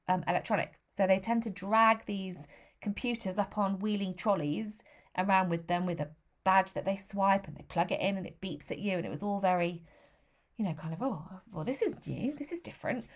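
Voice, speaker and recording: A woman in her thirties speaking straight to camera about her own experience. Her pitch sits in a middling range, and her delivery is candid, heartfelt and unfiltered, with blunt swearing now and then. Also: fairly even intonation, moderate pace. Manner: frank and emotional, with blunt swearing. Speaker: vlogger. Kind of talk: candid personal storytelling.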